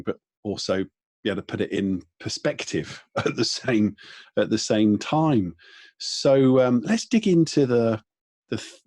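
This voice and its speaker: A man's voice: deep voice, a little mellow, dry recording, clean studio sound. A man hosting an interview, talking earnestly with many restarts and checking in with his guest. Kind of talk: conversational interview.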